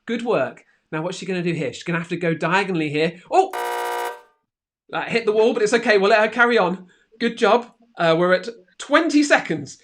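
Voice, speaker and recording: A man's voice: sits high, a little fast, slight background noise. A man co-hosting a children's craft and games show, giving cheerful, encouraging commentary. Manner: lively, encouraging, excitable commentary. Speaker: co-host. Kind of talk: playful kids' craft show chat.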